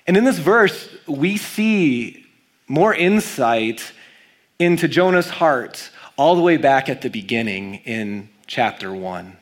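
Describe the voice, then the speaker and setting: A man preaching a sermon as a pastor, reading scripture aloud and stressing key words with animated emphasis. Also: mid-range voice, slow pace.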